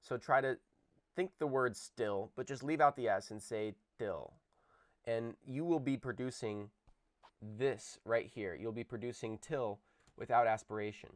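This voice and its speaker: A man's voice: mid-range voice, measured pace, no echo. A man giving a recorded video lecture on linguistics, explaining step by step and saying example words aloud. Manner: explanatory, demonstrates sounds aloud. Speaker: linguistics teacher.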